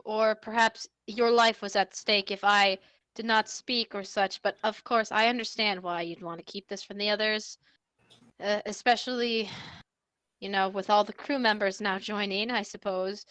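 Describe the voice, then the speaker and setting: A woman's voice: mid-range voice, steady tone, a little slow, a bit bright, dry recording. A woman speaking in character as a player in a tabletop game, earnest, formal and a little hesitant. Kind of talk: in-character tabletop role-play.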